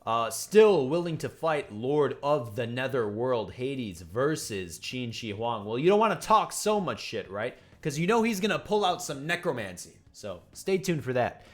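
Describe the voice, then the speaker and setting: Excitable, cussing man reacting to manga. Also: mid-range voice, normal speed, few pauses. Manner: excitable and profane, laughs along. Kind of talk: casual reaction commentary, reading aloud.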